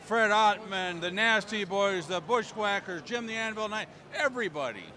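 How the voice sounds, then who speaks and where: Unhurried man, bright edgy voice, wrestler guest. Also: sits high.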